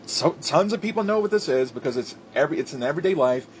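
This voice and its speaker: A man's voice: on the high side, animated, quick pace, slight background noise. A man giving a heated, profane wrestling commentary rant, with lots of fillers and restarts. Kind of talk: ranting commentary.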